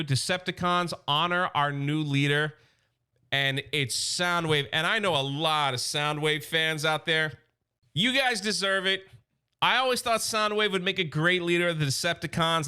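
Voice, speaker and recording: Excitable fan recapping a story. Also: male voice, a little high, clean tone. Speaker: YouTube reviewer.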